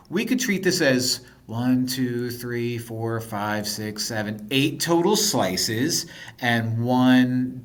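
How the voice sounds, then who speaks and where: A male math teacher talks through a video lesson with a playful, think-aloud manner. His pitch swings widely, and now and then he slips into a whisper. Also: a bit bright.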